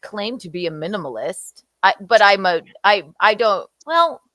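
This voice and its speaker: A woman's voice: mid-range voice, lively intonation, moderate pace, pushed and bright, no room sound. A woman co-hosting a casual livestream chat, playful and teasing as she reads out the chat's donations. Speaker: co-host reading chat donations.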